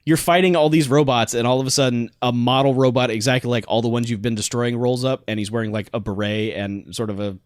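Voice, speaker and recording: A man's voice: medium pitch, fairly even intonation, fast talker, hardly any pauses, no echo, studio quality. A man co-hosting a casual gaming podcast, rambling through his points and laughing often. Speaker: podcast co-host. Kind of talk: casual chat.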